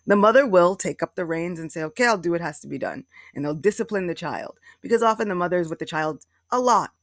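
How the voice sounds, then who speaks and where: Creaky-voiced woman teaching a devotional class. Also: medium pitch, no echo, studio quality. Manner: storytelling, with acted-out quotes. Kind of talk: devotional talk on a video call. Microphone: video call.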